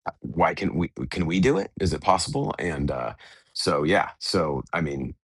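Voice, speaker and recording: An American man, a touring band's bassist, chatting casually in an interview from a hotel room, relaxed and rambling with lots of fillers. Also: moderate pace, creaky, slightly rough, no echo. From United States. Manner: relaxed, rambling, many fillers and retold dialogue.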